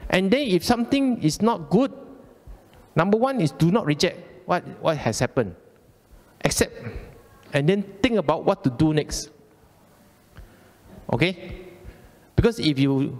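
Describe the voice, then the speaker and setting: This man's voice is fairly high and a little mellow, sounding like a big room. He is a Buddhist Dhamma speaker with a Malaysian English accent, delivering a casual, colloquial talk in a temple hall, often repeating himself and checking in with "okay?".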